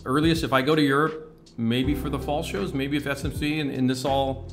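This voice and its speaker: A man's voice: medium pitch, fairly even intonation, a little fast. A man from the United States running a casual livestream painting demo, rambling and chatty, with casual swearing. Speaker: scale-model painting instructor. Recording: music playing clearly behind the voice. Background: music.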